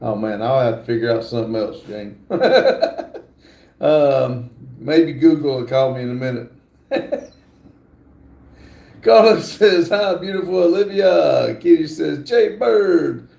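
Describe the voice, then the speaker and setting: A middle-aged man, hosting a casual livestream and slowly reading viewer comments aloud with many fillers. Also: on the high side, animated, creaky, dark tone, echoey room. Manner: slow, drawling, reads chat aloud with many fillers. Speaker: livestream host.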